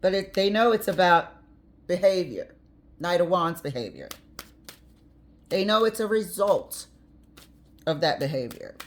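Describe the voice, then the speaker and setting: A woman's voice: on the low side, expressive, measured pace, pauses often. A woman giving a casual tarot reading, chatty and blunt, with the odd swear word and easy laughter. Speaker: tarot reader.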